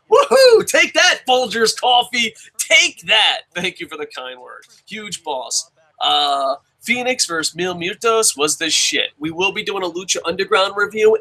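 A man's voice: on the high side, low-quality recording. A young man hosting a podcast, chatting casually and profanely as he reads out listener comments. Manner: profane, rambling, excitable. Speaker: podcast host.

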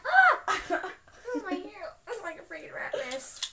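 A woman's voice: very high-pitched, lively intonation, normal speed, vocal fry, very noisy. A woman singing a silly parody song, giggling and playful as she goes.

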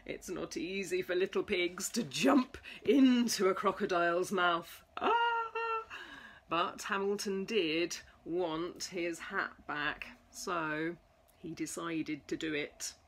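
A woman reading a children's storybook aloud, slow and expressive. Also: lowish voice. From England.

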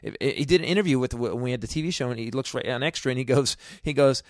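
A man's voice: medium pitch, quick pace, few pauses, no room sound. A man in his fifties talks as a guest in a casual chat, recorded dry and close. He tells his stories bluntly and with emphasis. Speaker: guest comedian.

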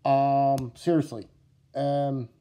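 A middle-aged man with a New Jersey accent chatting casually to camera about knife collecting, excitable and repetitive, calling his viewers "guys" and "yous.". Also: mid-range voice, drawn-out words, smooth. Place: at home indoors.

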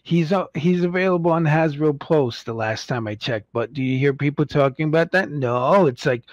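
A man hosting a casual toy-collecting livestream, rambling and joking, and mocking impatient fans in squeaky put-on voices. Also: normal speed, few pauses, no echo, highs cut off. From United States.

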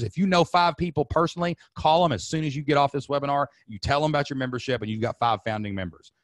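A man hosting a sales webinar, fired up and preachy, repeating slogans and letting out loud whoops. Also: medium pitch, no room sound. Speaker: webinar host. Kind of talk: energetic sales webinar talk. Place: home studio under lights.

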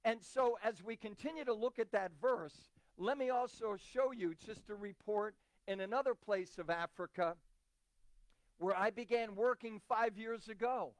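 A man's voice: sits high, moderate pace, no room sound. A man preaching a sermon as a visiting missionary, emphatic and repeating key phrases. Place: church.

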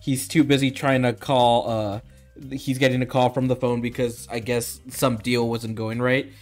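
A man's voice: medium pitch, level tone, normal speed, soft background music. Man rambling through a movie recap. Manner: rambling, acts out characters' lines. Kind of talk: casual movie review chat.

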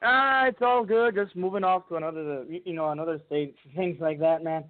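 A man's voice: a little high, moderate pace. Laid-back male caller on phone. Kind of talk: casual phone call. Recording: tinny phone line.

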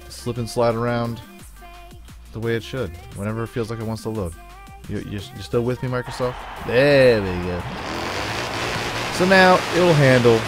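A man narrates his racing game in a playful, chatty way, joking with viewers and talking back to the game. His voice sits at a middle pitch. Game music and engine sounds play clearly underneath. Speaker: gaming YouTuber. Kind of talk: let's play commentary. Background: game music and engine noise.

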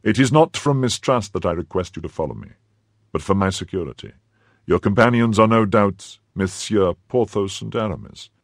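A man's voice: fairly low pitch, animated, moderate pace, gravelly, no echo, clean studio sound. A man voicing a stern, commanding older cardinal who questions sharply and speaks with clipped authority. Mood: imperious.

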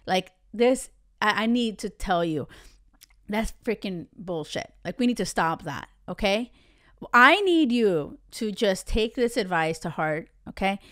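A woman's voice: mid-range voice, lively intonation, measured pace, a bit bright. A woman in her thirties hosting a podcast as a relationship coach, talking bluntly and emphatically and swearing freely. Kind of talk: casual podcast monologue.

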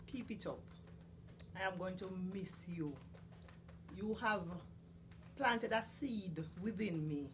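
A woman recording a heartfelt farewell tribute to a mentor, speaking earnestly with pauses. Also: mid-range voice, slight background noise. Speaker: coworker giving a farewell message.

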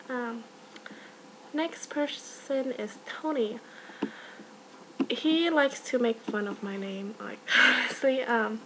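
A young woman giving rambling, giggly shout-outs in a casual vlog, full of fillers. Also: a little high, slight background noise, rough recording. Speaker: vlogger.

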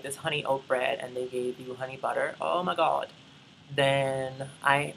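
A young adult vlogger from the Bahamas tells a casual, rambling travel story, chatting to viewers as y'all and slipping into asides. The voice is medium-pitched, gravelly, and a bit bright. Slight background noise accompanies a low-quality recording.

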